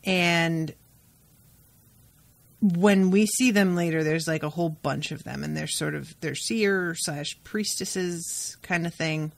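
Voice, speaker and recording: A woman co-hosting a podcast in casual chat, animated and blunt, with quick asides. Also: fairly low pitch, vocal fry. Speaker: podcast co-host.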